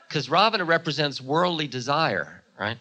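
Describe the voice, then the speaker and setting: A man's voice: on the high side, expressive, unhurried, sharp tone. A man from the United States telling an old story in a chatty way, full of asides. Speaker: spiritual teacher. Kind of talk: storytelling talk.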